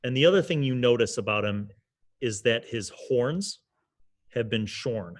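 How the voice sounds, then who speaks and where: A man's voice: mid-range voice, animated, unhurried. A man running a tabletop game as game master, narrating the scene in a casual, descriptive way. He talks loosely, with fillers and restarts.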